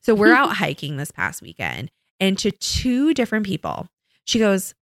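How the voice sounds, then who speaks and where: A woman in her thirties co-hosting a podcast, chatting casually and telling animated stories about her kids. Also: moderate pace, no echo, clean studio sound. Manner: animated storytelling, imitates her kids in high voices. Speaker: podcast co-host. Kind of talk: casual chat.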